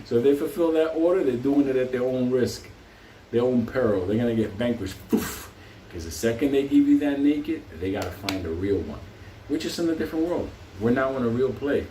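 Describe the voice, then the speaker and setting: A show host spins a loose, rambling story packed with profanity, laughing often along the way. His mid-range voice is animated and dark in tone, and he talks a little fast. Faint hiss runs under a roomy, distant recording.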